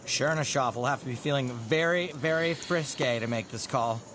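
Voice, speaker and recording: A man's voice: mid-range voice, moderate pace, a bit bright, slight background noise. A man doing color commentary in a wisecracking, sarcastic way. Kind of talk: sports commentary.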